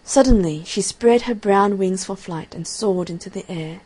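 A woman narrating a fairy tale in a soft, measured storybook reading. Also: mid-range voice, slightly rough. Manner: soft, measured narration, quieter than the dialogue.

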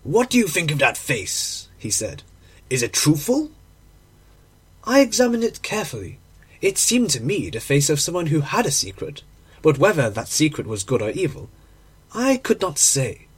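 A man narrates a classic short story in a husky voice that sits a little high for a man. His pitch swings widely from line to line. He slows on key phrases and drops low on the dialogue tags. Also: very animated.

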